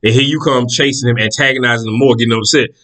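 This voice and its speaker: A man's voice: medium pitch, quick pace, low-quality recording. A man telling a story in casual monologue, swearing freely and acting out the people in it. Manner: animated, profane, acts out the people in his stories.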